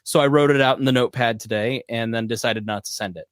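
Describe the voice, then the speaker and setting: A middle-aged man hosting a live podcast Q&A, talking in a relaxed, casual way with loose fillers. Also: medium pitch, fast talker, dry recording, clean studio sound. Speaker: podcast host.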